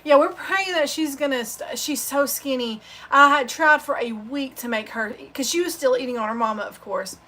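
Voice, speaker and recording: A woman hosting a sewing channel livestream chats loosely and rambles, telling heartfelt, unpolished stories. Her voice is a touch high, bright and forward, at normal speed.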